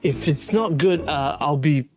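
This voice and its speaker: A young man narrates his food challenge vlog, tired and stuffed, making fun of himself with dramatic complaints. His voice sits a little high for a man. Clear music runs behind him the whole time. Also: measured pace. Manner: joking, self-mocking, dramatic complaints. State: tired, overfull. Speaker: vlogger.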